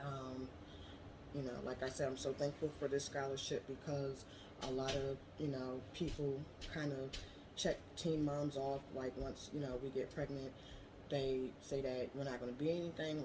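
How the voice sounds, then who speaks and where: A woman's voice: very deep voice, little pitch movement, moderate pace, noisy background. A young woman making an earnest appeal to camera, with frequent "you know" fillers. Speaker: scholarship applicant.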